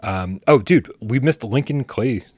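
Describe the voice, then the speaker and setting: A man co-hosting a live gaming stream, thanking viewers in a relaxed, rambling way. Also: medium pitch, measured pace, slightly rough, dry recording. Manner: relaxed, rambling, lots of fillers. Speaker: podcast co-host. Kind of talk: casual live-stream sign-off.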